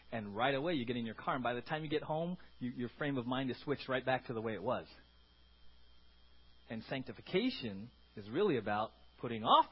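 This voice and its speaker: A man preaching a sermon in a lively, conversational way, often checking in with the congregation. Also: mid-range voice, breathy edge, highs cut off. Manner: animated, conversational, repeats words and asks the congregation "right?". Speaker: pastor.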